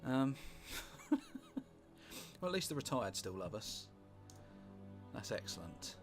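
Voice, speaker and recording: A British man casually commentating on a strategy game he is playing, rambling and wry, with sweary asides and thinking out loud. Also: lowish voice, lively intonation, normal speed. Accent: British English. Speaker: gameplay commentator. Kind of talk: casual let's-play commentary. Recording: music playing underneath.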